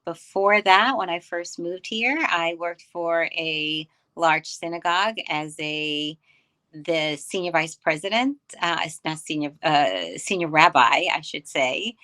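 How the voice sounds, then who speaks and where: An older woman from New York, chatting as an interview guest. Her voice is bright and forward, sitting a touch low for a woman, and she tells her story in quick, easy bursts. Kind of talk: casual interview chat.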